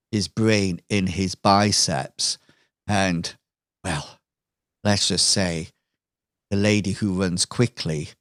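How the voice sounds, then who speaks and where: A man's voice: low-pitched, a bit bright, no room sound, clean studio sound. A man voicing a smug, scheming villainous woman who mocks and taunts her rivals in a tabletop game. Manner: taunting, drawn-out sly delivery.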